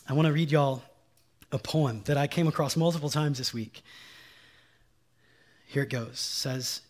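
A male pastor preaching a sermon with a somewhat high voice. He leans on key phrases and says them twice, and he drops folksy asides. He keeps firing questions at the congregation. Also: moderate pace, long pauses. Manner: emphatic, repeats key lines, quizzes the congregation.

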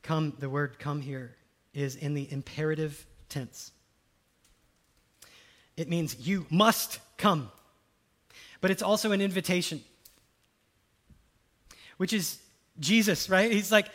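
A man preaching a sermon, rising to loud exclamations and dropping to hushed quotes. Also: fairly high pitch, slow, long pauses.

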